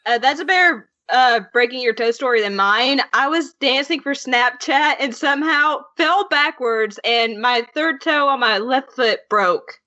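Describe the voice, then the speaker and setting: A woman's voice: high voice, unhurried, hardly any pauses, pushed and bright, muffled recording. A woman in casual chat, a little hesitant.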